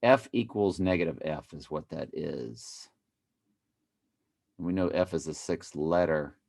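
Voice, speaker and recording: A man's voice: a bass voice, measured pace, vocal fry, darkish tone. A man giving casual, playful commentary over a video he plays, repeating phrases in a mock chant and breaking into sudden exclamations.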